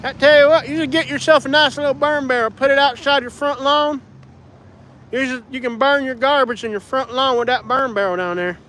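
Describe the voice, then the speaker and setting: A man's voice: extremely high pitch, fairly even intonation, fairly quick, bright, forceful tone, a little hiss or hum, voice pushed up. A man putting on an exaggerated Appalachian hillbilly accent, playing a rural Southern man drawling folksy advice. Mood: hollering. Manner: drawling, hollering, exaggerated put-on.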